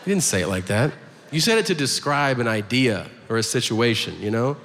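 A man's voice: mid-range voice, big pitch swings, fairly bright tone. Man doing stand-up in a reverberant hall. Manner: ranting, acts out exchanges in quick put-on voices. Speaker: stand-up comedian. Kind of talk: stand-up routine. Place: live comedy venue with audience. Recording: live stage recording, hall reverb, audience noise.

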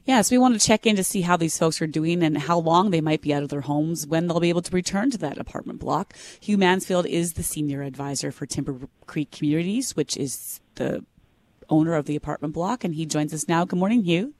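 A woman's voice: sits low, a little fast, darkish tone. A woman co-hosting morning radio, chatting and laughing, then politely interviewing a guest. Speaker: radio host.

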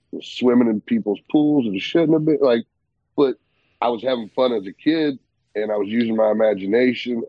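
A man's voice: lowish voice, no room sound, dull audio. A man co-hosting a podcast, casually telling easygoing stories from his past. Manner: easygoing, nostalgic storytelling. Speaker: podcast co-host.

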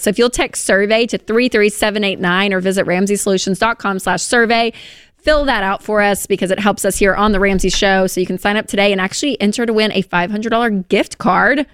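A woman with a Southern US accent co-hosting an advice talk show, reassuring and quick to laugh. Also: medium pitch, fairly bright tone, smooth, no echo, studio quality. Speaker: radio show co-host.

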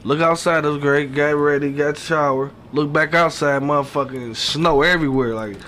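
A man's voice: fairly high pitch, fairly even intonation, moderate pace, fairly bright tone, a little hiss or hum. A man co-hosting a podcast, telling stories in laid-back, slangy casual chat.

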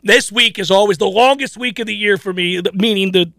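A man's voice: high-pitched, fairly quick, creaky, pushed and bright, no room sound. A man hosting a sports talk radio show, talking casually and animatedly, laughing often and repeating his points.

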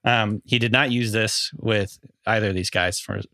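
A man co-hosting a casual sports podcast, explaining player news in a relaxed, chatty way. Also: on the low side, moderate pace, no echo, studio quality. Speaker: podcast co-host, fantasy analyst.

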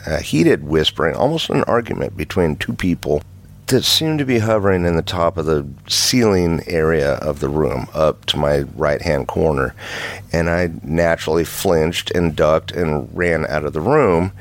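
A middle-aged man telling his own paranormal story in a casual, halting way, with restarts and nervous chuckles. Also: a bass voice. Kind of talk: casual first-person storytelling.

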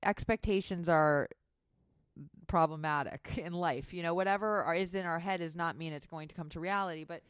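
Low-voiced woman telling a story. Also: moderate pace, clean tone, no echo, clean studio sound. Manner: storytelling, candid and self-deprecating. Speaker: author, guest. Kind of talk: podcast interview.

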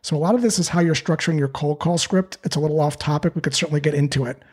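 A man with a fairly high, husky voice talks through sales advice. He is animated and slips into playful voices when he acts out calls. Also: racing. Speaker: sales trainer. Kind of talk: podcast interview answers.

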